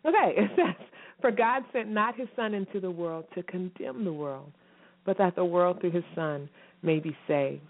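A woman hosting a gospel radio show, chatting casually with gushing thanks and shout-outs. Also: fairly low pitch, normal speed. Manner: warm, exuberant, gushing shout-outs with laughs. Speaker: radio show host and gospel recording artist. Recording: tinny phone-like sound, faint music.

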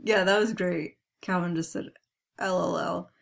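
A woman's voice: fairly low pitch, steady tone, a little slow, gravelly. A woman co-hosting a casual fan podcast, reading tweets aloud and then commenting on them with a laugh. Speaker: podcast co-host.

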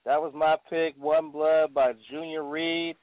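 Slangy host on a tinny line. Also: male voice, fairly high pitch, little pitch movement, measured pace, dry recording. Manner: laid-back, slangy, rambling with fillers. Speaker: podcast host. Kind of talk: casual internet radio chat.

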